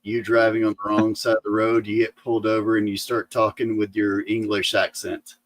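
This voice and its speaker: A man's voice: lowish voice, flat delivery, brisk, no room sound. A man joking and riffing in a casual livestream chat. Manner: joking, riffs on ideas.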